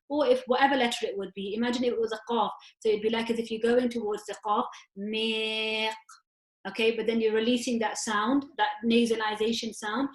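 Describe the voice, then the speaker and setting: A woman teacher with a slightly high voice walks her students through each rule step by step, posing questions and answering them herself. Her patient lesson rings out in an echoey room. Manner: patient, step-by-step explaining with self-posed questions. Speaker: Quran recitation teacher. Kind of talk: tajweed lesson.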